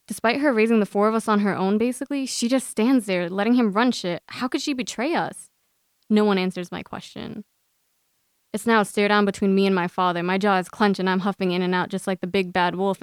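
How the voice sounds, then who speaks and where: Young woman guest reading her own story, smooth and clear voice, close and dry. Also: mid-range voice, dry recording. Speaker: guest author. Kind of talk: reading a personal essay aloud.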